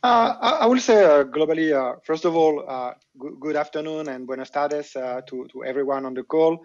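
A man's voice: a little high, steady tone, normal speed, a little mellow, no room sound, dull audio. A man with a French accent speaking as a guest on a panel, hesitant with many filler sounds, over a remote call. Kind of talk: panel discussion.

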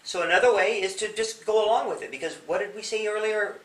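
A man's voice: high voice, fast, a bit bright. A man who is a police officer, giving young people advice in an interview. He explains with questions and acts out examples. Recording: echoey room, mic at a distance.

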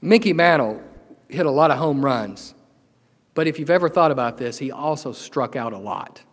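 A middle-aged man preaching a sermon as pastor, earnest and emotional, swinging from loud declarations to hushed, tender moments. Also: on the high side, lively intonation, moderate pace. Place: church sanctuary. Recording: long hall reverb.

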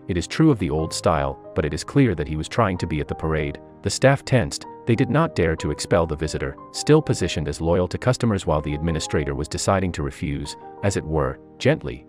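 A man with an extremely deep, low voice narrates a sentimental story in a steady, measured read. His delivery stays even and scripted from line to line, and soft music runs faintly behind him.

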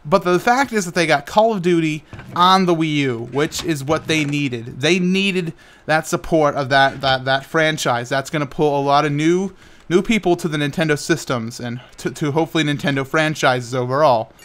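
A man's voice: a little high, normal speed, fairly bright tone. A tired young man, host of a gaming channel, rambling with many stammered restarts and playful sound effects while building in Minecraft. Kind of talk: casual talk while playing Minecraft.

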